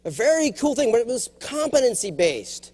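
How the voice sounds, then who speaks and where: A middle-aged man delivers a keynote speech with a high, bouncy voice that swoops up and down as he talks. He is jokey and animated and tells stories with a comic touch. He slips now and then into character voices to act out the people in his stories. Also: normal speed, slightly rough. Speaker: keynote speaker. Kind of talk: humorous motivational keynote speech. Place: large conference hall.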